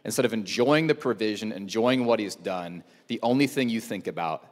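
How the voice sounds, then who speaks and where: A man's voice: lowish voice, a little fast. A male pastor preaching a sermon in a conversational way, with rhetorical questions and joking asides. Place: church auditorium. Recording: long church hall reverb.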